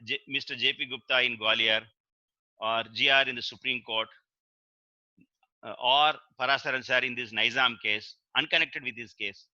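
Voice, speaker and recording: A man's voice: on the high side, sharp tone, no room sound. An older Indian man with an Indian English accent, telling courtroom stories in an earnest lecture, over a webinar mic. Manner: earnest storytelling, quotes courtroom exchanges, many filler uhs. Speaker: senior advocate giving a webinar talk. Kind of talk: reminiscing lecture. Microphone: webinar computer mic. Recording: dry muffled webinar audio.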